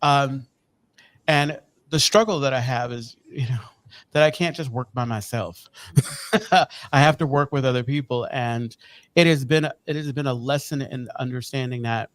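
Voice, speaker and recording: A man's voice: medium pitch, normal speed, dry recording. A man co-hosting a recovery podcast, chatting casually in a playful, self-deprecating way with frequent laughs. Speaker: podcast co-host. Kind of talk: casual chat.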